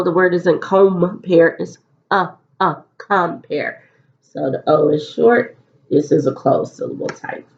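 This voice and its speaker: A woman's voice: lowish voice, vocal fry, a little mellow, highs cut off. A woman teacher leading a recorded phonics lesson, explaining step by step and repeating key phrases so students can follow.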